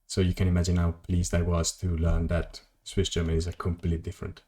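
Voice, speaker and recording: A man's voice: low voice, completely flat delivery, quick pace, darkish tone, slight background noise. A man streaming a video game, rambling casually to his chat and swearing at mishaps. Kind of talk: casual gameplay commentary.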